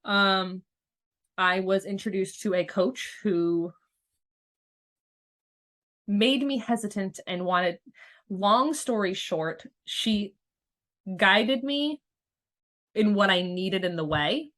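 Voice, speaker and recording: A woman's voice: mid-range voice, slow pace, pauses often, fairly bright tone. A woman in her thirties, a podcast host and spiritual coach, telling her story in a candid, rambling way with lots of swearing and restarts. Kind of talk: casual storytelling monologue.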